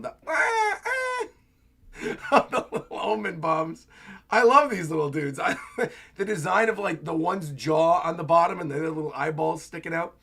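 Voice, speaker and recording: A young man hosting a manga reaction livestream, giving animated commentary with lots of laughing. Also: fairly high pitch. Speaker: channel host.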